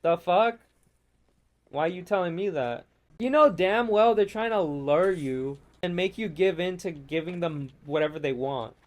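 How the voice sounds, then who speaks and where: Exasperated and swearing, a fairly high-voiced man rants over gameplay, moving loosely from one gripe to the next like a host talking to his channel. His intonation is lively and his pace unhurried. The whole thing feels casual and unscripted.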